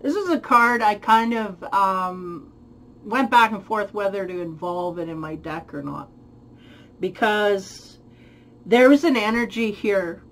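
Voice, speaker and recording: A woman with a mid-range voice talks through a spiritual tarot reading. She thinks aloud, pauses to find the right words and laughs lightly at herself now and then. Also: mid-range voice, animated, a bit bright, poor audio. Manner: thoughtful, searching for words, frequent light laughs. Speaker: tarot reader.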